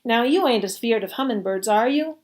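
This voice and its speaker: A woman's voice: on the high side, expressive, brisk, close to an everyday voice. Brief: fierce, loving older woman, played by a woman reader, homespun dialect. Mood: tender. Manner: warm, folksy Southern dialect speech. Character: old woman, protective and fierce.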